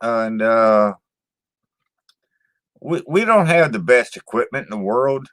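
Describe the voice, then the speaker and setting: A man hosts his own channel, reading live chat and talking casually with viewers. He's blunt and profane, stumbles over repeated words and ends lines with "man." His mid-range voice is animated, slow and fairly bright, with clean studio sound and no room sound.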